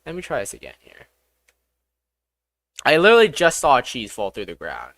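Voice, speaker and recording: A game developer streaming live, talking through each step aloud, excitable and swearing often. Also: mid-range voice, moderate pace, dry recording, studio quality. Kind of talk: live-streamed coding commentary.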